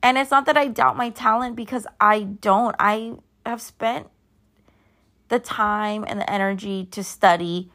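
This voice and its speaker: A woman's voice: mid-range voice, steady tone, unhurried, fairly bright tone. A woman in her thirties hosting a podcast, chatting casually and sleepily, rambling and drifting off track. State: sleepy, yawning. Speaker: podcast host. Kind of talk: casual solo chat.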